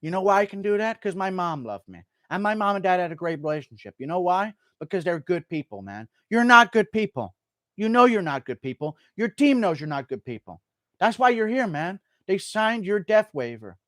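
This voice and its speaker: A man's voice: sits high, big pitch swings, fairly quick, a bit bright, dry recording, clean studio sound. A man doing a cocky trash-talking fighter. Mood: boastful. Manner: taunting, needling, mocking. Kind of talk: impression.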